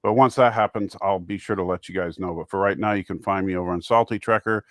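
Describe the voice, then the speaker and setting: Low-voiced American man, halting on a call. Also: dry recording, clean studio sound. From United States. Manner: halting, with repeated restarts. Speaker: guest streamer. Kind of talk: casual video-call chat. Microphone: video call.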